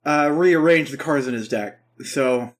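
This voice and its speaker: A man co-hosting a casual comedic review podcast, talking excitedly, swearing freely and swinging between loud outbursts and quieter asides. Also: medium pitch, unhurried. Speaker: podcast co-host reviewing an anime.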